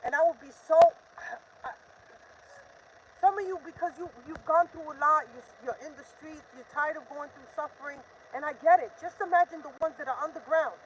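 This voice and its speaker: A woman's voice: high voice, fairly quick, a little hiss or hum, rough recording. An older woman hosting a live stream, talking in an urgent, defiant, repetitive rant. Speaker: livestream host.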